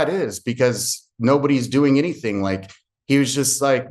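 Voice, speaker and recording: A man's voice: mid-range voice, steady tone, normal speed. A man who works as a real estate agent tells an earnest personal story to a group and acts out remembered conversations.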